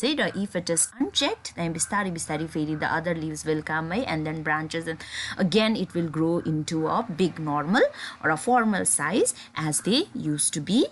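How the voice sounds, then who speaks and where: A woman teacher with a Nepali accent, explaining a poem in halting English and Nepali and checking in often with her students. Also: low-pitched, slight background noise. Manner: halting, many fillers and restarts.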